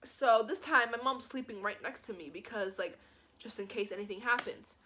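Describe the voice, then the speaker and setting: Young woman rambling thru a storytime vlog, says like a lot, kinda high voice. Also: moderate pace, slight background noise. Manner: animated, says "like" constantly. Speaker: vlogger.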